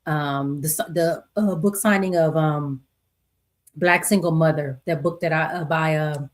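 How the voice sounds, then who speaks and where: A middle-aged woman podcast host, talking casually, animated and laughing often as she reads stories aloud. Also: low voice, unhurried. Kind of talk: casual solo commentary. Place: home desk with two computer screens.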